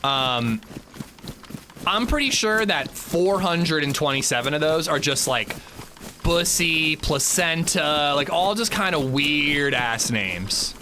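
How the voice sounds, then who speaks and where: A man's voice: fairly high pitch, animated, slow, bright, forceful tone, a little hiss or hum. A man in his thirties streaming a game, chatting casually and joking with his chat in a rambling way. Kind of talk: casual livestream chat while gaming.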